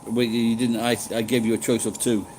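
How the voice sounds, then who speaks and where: A man's voice: mid-range voice, flat delivery, brisk, a little mellow, a little hiss or hum, rough recording. A middle-aged man chatting casually with live-stream viewers, rambling and swearing freely. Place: living in Japan.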